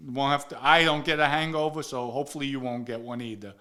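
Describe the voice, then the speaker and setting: Chatty man with a bright voice. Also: mid-range voice, fast. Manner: profane, lively, chatty. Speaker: storyteller, channel host. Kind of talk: casual storytelling.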